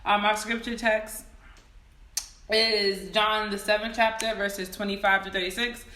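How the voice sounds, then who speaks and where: A woman leading a livestreamed Sunday school lesson on her phone, greeting viewers by name and reading each question slowly, then repeating it. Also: medium pitch, level tone, sharp tone, roomy sound, slight background noise. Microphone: phone camera.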